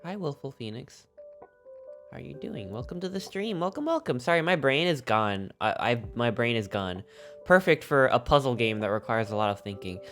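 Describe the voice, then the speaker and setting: A sleepy, slightly sniffly man chats in a loose, rambling and goofy way while streaming a game. His voice sits at an ordinary middle pitch. Clear background music plays behind him throughout. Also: animated, normal speed, fairly bright tone. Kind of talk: casual live-stream chat.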